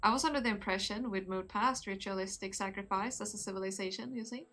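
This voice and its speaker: A defiant female prisoner in a story game, mouthing off to her guards with scorn and sarcasm, as a woman reads her aloud. The voice is bright and forceful, at an ordinary pitch, with faint music behind it. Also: quick pace, lightly acted. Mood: mocking.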